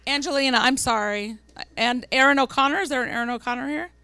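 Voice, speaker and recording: A woman school board member presenting awards at a public meeting, earnest, reading names slowly and carefully. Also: high voice, pushed and bright, clean tone.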